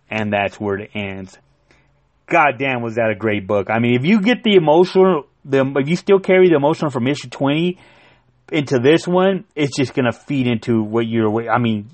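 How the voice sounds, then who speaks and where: An excitable man recaps a comic book issue in loose, profane chat. He stumbles through restarts and fillers as he talks, at an ordinary middle pitch. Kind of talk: casual plot recap.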